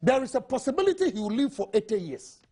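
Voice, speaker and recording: A man with a Ghanaian accent argues heatedly as a panelist on a TV newspaper review, firing off rhetorical questions. His voice is husky and his pitch swings widely, rising and falling as he presses each point in the studio. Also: sing-song, quick pace, warm tone. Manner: impassioned, argumentative, rhetorical questions.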